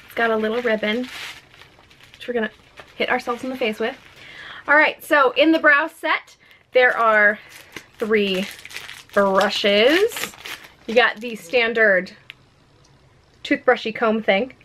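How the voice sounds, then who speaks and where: Young woman w/ a slightly high voice, excitable and chatty, joking at herself while unboxing. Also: slow, long pauses, a little hiss or hum. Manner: chatty, excitable, self-mocking, with frequent laughs. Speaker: beauty vlogger. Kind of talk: casual unboxing vlog. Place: home room with a ring light.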